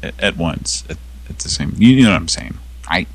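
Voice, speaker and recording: A man's voice: sits low, expressive, fairly quick, creaky, husky. A man co-hosting a casual comedy show, rambling and giggling through his jokes. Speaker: podcast co-host.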